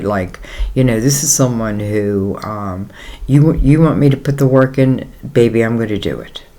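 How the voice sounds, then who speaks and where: Man, tarot reader, casual rambling talk, lots of fillers, reassuring, average pitch. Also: darkish tone. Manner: rambling, conversational, many fillers; reassuring, speaks straight to the listener.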